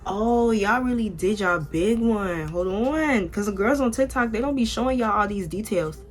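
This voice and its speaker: A woman's voice: mid-range voice, moderate pace, soft background music. A young American woman chatting casually to her viewers while unboxing and fitting a wig. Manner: chatty, talks straight to viewers with "y'all". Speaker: vlogger.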